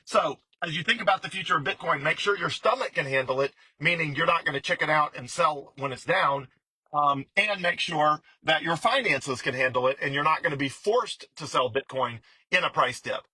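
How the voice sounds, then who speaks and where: A man's voice: a little high, normal speed, sharp tone, slightly rough, no echo, low-quality recording. A man giving a casual, explanatory monologue about investing, talking conversationally with frequent fillers, restarts and repetition. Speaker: bitcoin commentator.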